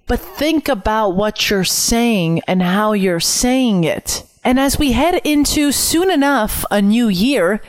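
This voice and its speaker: A woman's voice: a little high, lively intonation, slow pace, hardly any pauses, dry recording. Earnest young Canadian woman podcaster. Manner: earnest, reflective, repeats phrases for emphasis. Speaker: podcast host. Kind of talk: solo podcast talk. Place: home room, window open.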